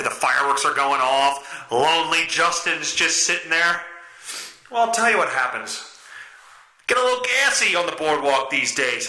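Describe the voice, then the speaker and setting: A man's voice: a little high, animated, moderate pace, pushed and bright. A man hosting a podcast, telling stories in a casual, crude, self-mocking way. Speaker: podcast host. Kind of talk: casual solo storytelling. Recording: roomy echo.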